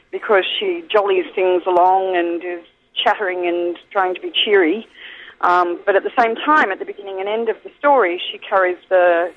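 An Australian woman talks over a thin, phone-like line, chatty and loose, full of ums and restarts. Her pitch sits in an ordinary middle range, and she speaks as an interview guest calling in from an airport. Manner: chatty, thinks aloud with frequent ums and restarts. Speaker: guest actor. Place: airport waiting area.

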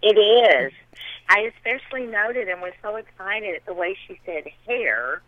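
A middle-aged woman from the American South, a theater director answering interview questions and warmly praising her colleagues. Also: mid-range voice, animated, measured pace. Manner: warm, enthusiastic praise of colleagues. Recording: tinny phone-line sound.

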